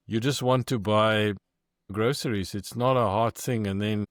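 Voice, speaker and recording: A man hosting a podcast talks in a lowish voice. He reflects slowly and hesitantly, leaning on fillers. The recording is dry and close. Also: steady tone, no echo. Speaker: podcast host. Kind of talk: casual chat.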